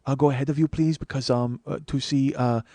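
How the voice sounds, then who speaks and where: A man putting on a small, polite Japanese-accented businessman who talks in soft, hushed, halting phrases. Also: medium pitch, steady tone, no echo, lightly acted. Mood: pleading. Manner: hesitant, polite, filler-laden.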